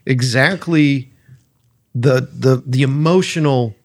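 A man's voice: medium pitch, slow pace, dry recording, studio quality. A man hosting a casual conversation, enthusiastic and swearing casually, often calling people "man".

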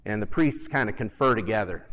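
A man's voice: fairly low pitch, animated, fairly quick, a bit bright, long reverb tail. A male pastor preaching a conversational sermon with self-deprecating humor and emphatic repetition.

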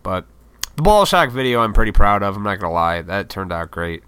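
A man's voice: on the low side, very animated, a little fast, sharp tone, clear, resonant tone, no echo. A man in his thirties, a YouTuber, in a casual, rambling, profane vlog monologue. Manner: rambling, profane, laid-back, self-deprecating.

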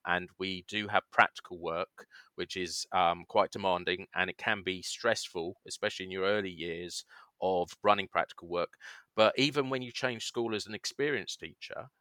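Low, bright-voiced man, hesitant. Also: moderate pace, no room sound. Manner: hesitant, explanatory, many fillers. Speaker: guest, science education researcher. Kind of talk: conversational podcast interview.

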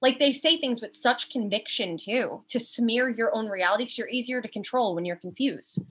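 Candid, foul-mouthed young woman, fairly high. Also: moderate pace, fairly bright tone, husky. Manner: candid, frequent swearing, acts out quoted dialogue. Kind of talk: casual chat.

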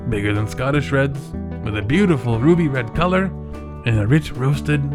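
A man's voice: mid-range voice, lively intonation, moderate pace, over music, close to an everyday voice. A man voicing a drawling male cowboy while reading ad copy. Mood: hammy drawl.

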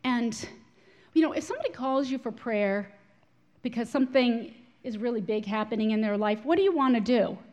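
A woman speaking to a Christian gathering, telling a prayer story in an animated, expressive way. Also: fairly high pitch, moderate pace, muffled recording. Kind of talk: storytelling talk to an audience.

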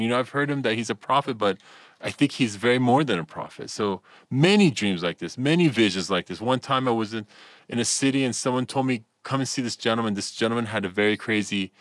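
A man's voice: medium pitch, brisk, dry recording. A man who ministers in Iran, a radio interview guest, telling stories and acting out dialogue with many fillers. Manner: animated storyteller, acts out quoted dialogue, many fillers.

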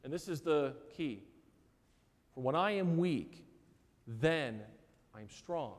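A man preaching a sermon as pastor, earnest and emphatic, often repeating words and pausing for effect. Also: fairly high pitch, animated. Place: church sanctuary. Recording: church hall with long reverb.

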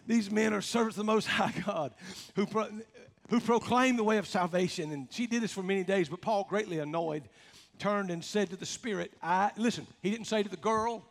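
A man's voice: sits high, normal speed, gravelly. A man preaching a folksy, emphatic sermon, joking and calling out to his congregation. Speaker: pastor. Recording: long reverb of a large hall.

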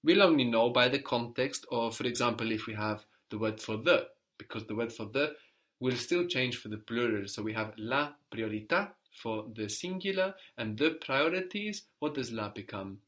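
A man's voice: medium pitch, animated, normal speed, fairly bright tone. Patient man teaching a language lesson. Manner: patient, encouraging, explains step by step.

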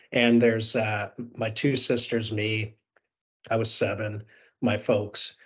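A Canadian man in his fifties hosts a podcast interview, his voice slightly husky. He talks eagerly and stumbles into frequent restarts. The call audio sounds a little dull and muffled. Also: lowish voice. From South Africa. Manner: eager, halting, full of restarts. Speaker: podcast host.

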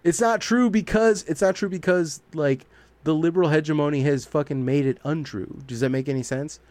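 A man's voice: on the high side, a little fast, darkish tone, no room sound. A man co-hosting a podcast, talking in a rambling, profane way and laughing often. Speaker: podcast co-host. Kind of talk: casual chat.

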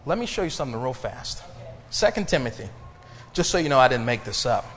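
A male pastor preaching a sermon to his congregation, building emphasis and pausing for responses. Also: medium pitch, big pitch swings, a bit bright, in a large hall, a little hiss or hum. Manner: preaching with rising emphasis and call-and-response pauses. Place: church sanctuary.

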